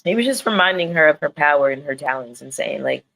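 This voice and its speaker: A woman's voice: low-pitched, animated, fast, gravelly, a bit bright, poor audio. A woman reviewing reality TV on a live stream, talking straight to her viewers in a candid, slangy and profane way. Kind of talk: casual live-stream chat.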